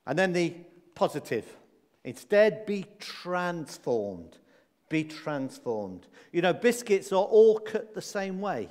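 A man's voice: sits high, big pitch swings, slow, darkish tone. A man preaching a sermon in a church, emphatic, repeating key words and asking rhetorical questions. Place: church hall. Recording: long church reverb.

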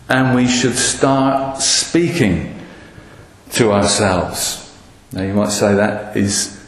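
Man, preacher, earnest sermon, halting ums, booming reverberant room. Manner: earnest, with frequent ums and restarts. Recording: echoey hall with long reverb.

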